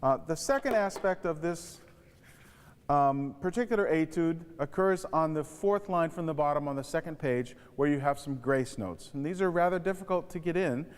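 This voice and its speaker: A man's voice: on the high side, moderate pace, clean tone. A man teaching saxophone, earnestly advising students and singing rhythms aloud to demonstrate them. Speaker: saxophone instructor. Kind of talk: music lesson tutorial. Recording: reverberant room.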